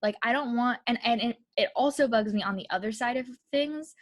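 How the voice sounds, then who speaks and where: A woman's voice: fairly high pitch, brisk. A young woman co-hosting a casual podcast, talking in a chatty way with lots of fillers and frequent laughs. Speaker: podcast co-host. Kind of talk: casual chat.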